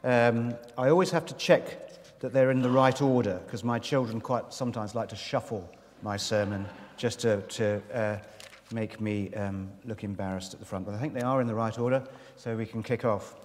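A man's voice: lowish voice, steady tone, moderate pace, slight background noise. A man preaching as a visiting minister, chatty and self-deprecating, with asides to the congregation. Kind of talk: sermon. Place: church in London. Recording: reverberant church hall.

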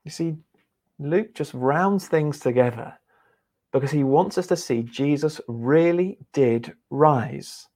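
A man with a darkish voice on the high side preaches a sermon earnestly and conversationally, halting often and restarting his words again and again.

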